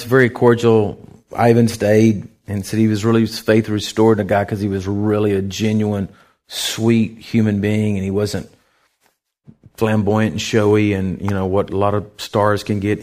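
Lively preacher man telling a story. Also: on the low side. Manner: lively anecdotal storytelling, acts out others' lines. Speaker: pastor. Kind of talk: sermon storytelling.

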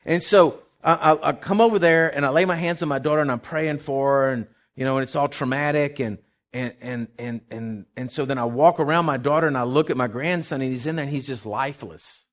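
An older man tells a personal story of faith. His voice is mid-pitched and his talk rambles with fillers. He swings from hushed, choked-up moments to loud, fervent declarations. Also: fairly quick. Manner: emotional, swings from hushed to shouting. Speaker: testimony speaker.

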